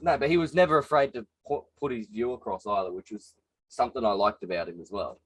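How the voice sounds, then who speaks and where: Low-voiced man, laid-back chat. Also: fast talker, breathy edge, no echo. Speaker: podcast co-host. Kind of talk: casual chat over beers.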